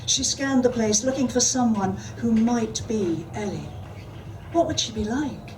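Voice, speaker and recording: A woman author reads her own prose with a measured delivery and answers questions firmly. She sounds distant from the microphone, and there is clear background noise at the event. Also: a little high, lively intonation, darkish tone. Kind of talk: reading fiction aloud at a panel. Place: event hall.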